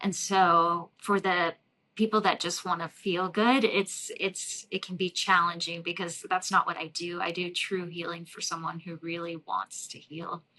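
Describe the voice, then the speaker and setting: A woman energy healer talking in a relaxed podcast interview, reflective and loose, with many fillers and light laughs. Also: fairly low pitch, measured pace, low-quality recording. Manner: warm, reflective, frequent fillers and soft laughs. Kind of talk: casual interview talk.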